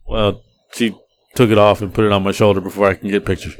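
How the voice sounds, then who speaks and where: A middle-aged man co-hosting a podcast, telling everyday stories in a relaxed, rambling way with many restarts. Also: fairly low pitch, fast talker. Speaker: podcast co-host. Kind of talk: casual storytelling chat.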